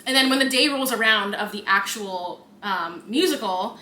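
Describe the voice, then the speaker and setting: Bright-voiced woman podcaster, echoey room. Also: medium pitch, normal speed, few pauses. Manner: animated storytelling, acting out scenes, frequent "like" and swearing. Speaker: podcast co-host. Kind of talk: casual chat.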